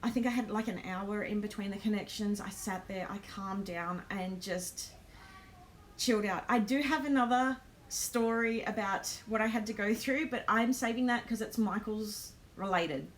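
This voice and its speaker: A woman's voice: mid-range voice, moderate pace, a little hiss or hum. An Australian woman hosting a live stream, telling a travel story in a chatty way, with lots of ums and nervous laughs.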